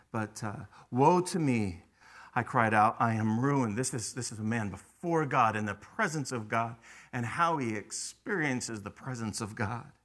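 Bright-voiced man preaching a sermon. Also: medium pitch. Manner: dynamic preaching, swings from hushed to loud emphatic; repeats words when starting phrases. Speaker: pastor.

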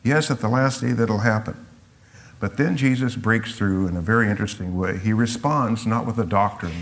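A man teaching through a Bible passage verse by verse, reflective and explanatory, sometimes acting out the quotes. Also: lowish voice.

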